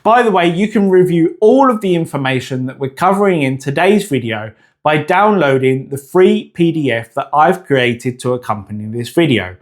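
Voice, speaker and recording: A man teaching a scripted pronunciation lesson, speaking clearly and deliberately and drawing out example words slowly. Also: on the high side, animated. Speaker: language teacher.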